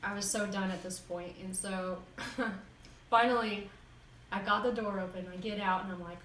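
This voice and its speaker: A vlogger tells a casual story, laughing often and staying animated, her medium-pitched voice at a normal speed. The room is roomy and echoey, with a distant mic and faint noise.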